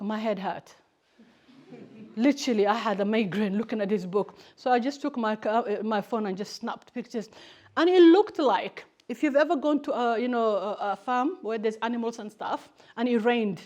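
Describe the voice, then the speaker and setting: Animated storytelling woman, raised pitch. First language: Somali. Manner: animated storytelling, acts out family members' voices. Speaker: campaigner giving a talk to students. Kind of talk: lively personal talk.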